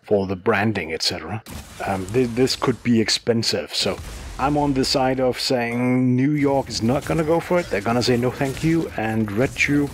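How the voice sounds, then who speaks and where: Male podcast co-host with a mid-pitched voice, chatty and explanatory, with faint background noise. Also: normal speed. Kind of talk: casual chat.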